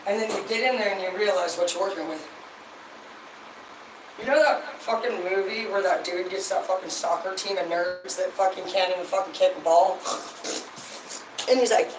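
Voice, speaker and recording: A woman rambles bluntly through a casual livestream, swearing constantly. Her voice sits far from the mic in a roomy, echoing space. A clear layer of background noise runs underneath. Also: medium pitch, moderate pace. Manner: blunt, heavily profane, rambling. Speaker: livestream host. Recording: echoey, distant mic, noisy background.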